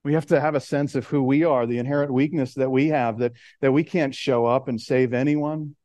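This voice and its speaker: A man preaching a sermon, earnest, slowing and dropping soft on key words, then rising as he builds. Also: steady tone, no echo. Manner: earnest, rises in pitch and intensity as he builds. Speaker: pastor.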